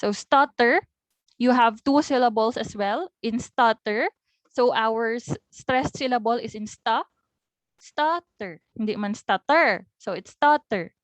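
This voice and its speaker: A woman's voice: on the high side, no room sound, poor audio. Filipino-accented woman teaching phonetics. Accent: Philippine. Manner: patient, repeats example words slowly and clearly. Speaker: linguistics teacher. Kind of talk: recorded online lecture.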